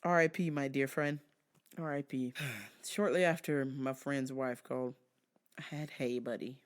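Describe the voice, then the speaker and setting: A woman hosting a podcast, telling comedic stories in an animated, profane way with frequent laughter. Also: extremely low pitch, a little slow. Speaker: podcast host. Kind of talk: comedic storytelling.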